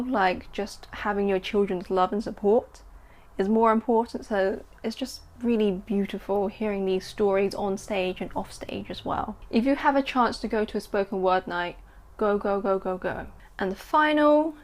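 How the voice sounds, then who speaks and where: A woman, chatting excitedly about her writing and reading aloud from her story. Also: mid-range voice. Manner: excitable, chatty, filler-heavy. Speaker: writer and vlogger. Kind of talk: casual chat and story reading.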